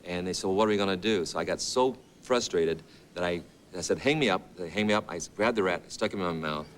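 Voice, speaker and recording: Fast-talking man telling studio anecdotes. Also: deep voice, a little hiss or hum. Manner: rambling anecdotes with quoted dialogue. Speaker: talk show guest, actor. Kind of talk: casual storytelling.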